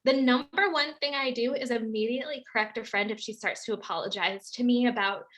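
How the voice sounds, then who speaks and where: A woman who teaches fertility awareness, chatting casually as a podcast guest in an animated way, with frequent "like" fillers. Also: fairly high pitch, brisk.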